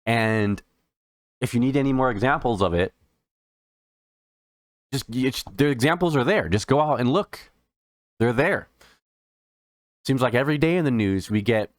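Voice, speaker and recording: A man hosting a solo political commentary show, talking in an indignant, halting way with many restarts and repeated words, and audibly emotional, close to tears. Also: mid-range voice, no echo.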